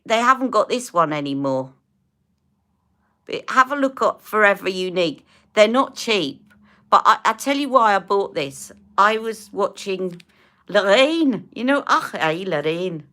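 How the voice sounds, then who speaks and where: A woman's voice: medium pitch, sharp tone. A woman in her fifties chatting casually as a beauty live-stream host, rambling while answering viewers' comments and putting on makeup.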